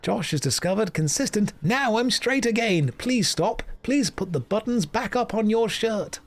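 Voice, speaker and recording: A man's voice: sits high, animated, normal speed, pitched above the performer's own voice. A man voicing a chirpy, cheerful young male adventurer in a gleeful, bouncy way. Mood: flustered.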